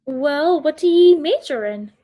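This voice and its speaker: A woman playing a surly male pirate crewman in a student stage play, with gruff pirate talk. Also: sits high, animated, measured pace, dark tone.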